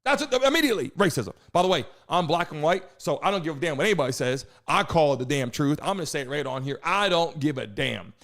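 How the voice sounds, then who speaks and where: A man's voice: a little high, lively intonation, fast talker, hardly any pauses, a bit bright. A man from New Jersey hosting a live political talk show, ranting in an indignant, profane way. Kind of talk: heated live-stream commentary.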